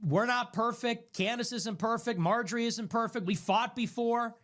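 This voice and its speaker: A man's voice: extremely high pitch, normal speed, fairly bright tone. A man delivering heated political commentary in an emphatic, accusatory rant.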